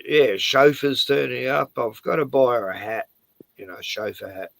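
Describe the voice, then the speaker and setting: A man's voice: mid-range voice, moderate pace, vocal fry, fairly bright tone, no room sound. A man chatting casually on a home stream, crude and joking, swearing freely. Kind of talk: casual chat. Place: home at night, door open to yard.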